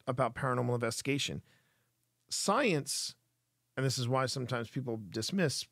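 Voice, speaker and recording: A man's voice: mid-range voice, fairly bright tone, no echo, studio quality. Earnest man hosting a live stream. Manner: earnest, explaining at length to chat. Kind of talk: casual live-stream commentary.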